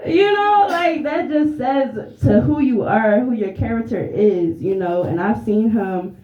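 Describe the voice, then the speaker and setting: A woman's voice: on the high side, animated, a little slow. A woman from the audience giving a heartfelt, rambling tribute, then asking a question, with frequent laughs. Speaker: audience member. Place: event room. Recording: roomy, dull lo-fi sound.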